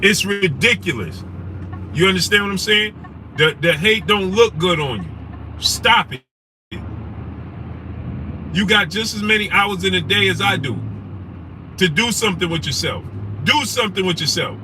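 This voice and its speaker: A man's voice: high voice, moderate pace, long pauses. Ranting man in a noisy car. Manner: animated, ranting, repeats rhetorical questions. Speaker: sports talk show host. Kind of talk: casual live-stream commentary, reading chat names.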